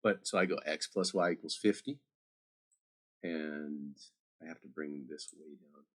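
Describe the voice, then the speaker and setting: Low husky-voiced male math teacher. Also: measured pace. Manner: chatty, talks directly to students with asides. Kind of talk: screen-recorded math lesson.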